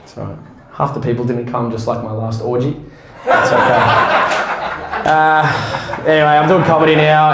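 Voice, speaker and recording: An Australian man working through a stand-up set in a loose, self-deprecating way, with swearing scattered through his lines. His voice sits in a middling register. A small room adds a noticeable echo. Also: medium pitch. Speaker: stand-up comedian. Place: small room at a fringe festival show.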